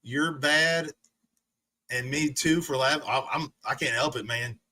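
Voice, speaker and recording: A man's voice: medium pitch, measured pace, sharp tone. A man streaming, ranting and mocking someone with profanity and frequent laughter, from a recliner indoors. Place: indoors, sitting in a rolling recliner.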